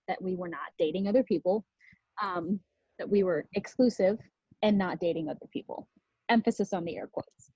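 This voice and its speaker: A woman tells a story from her own life as a talk, candid and quick to laugh, swearing freely. Her voice is warm and mellow, mid-pitched. It is recorded dry, with a slightly dull lo-fi sound. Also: no room sound. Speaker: podcast host and speaker.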